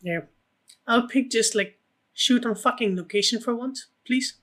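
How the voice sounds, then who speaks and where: A man's voice: very high voice, a little slow, fairly bright tone. A man co-hosting a podcast in casual chat, giving short, offhand replies. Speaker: podcast co-host.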